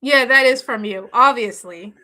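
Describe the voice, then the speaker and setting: A woman chatting casually on a live stream, answering viewer comments in a halting way full of restarts and fillers. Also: on the high side, sharp tone.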